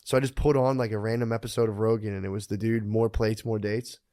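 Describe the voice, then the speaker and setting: A man's voice: fairly low pitch, little pitch movement, fast, mellow. A man in his thirties co-hosting a podcast, telling stories casually, swearing freely and laughing often. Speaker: podcast co-host.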